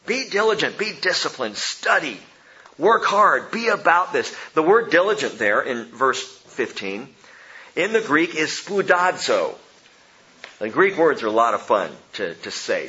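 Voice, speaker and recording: Guy preaching a sermon, kinda high voice, swings loud then hushed, muffled recording. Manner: animated, swings from loud emphasis to hushed low lines. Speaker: pastor.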